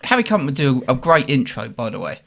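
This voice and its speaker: A man's voice: mid-range voice, brisk, creaky. A man, a podcast host telling stories in casual chat and acting out the people he quotes. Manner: animated, acts out quotes in voices.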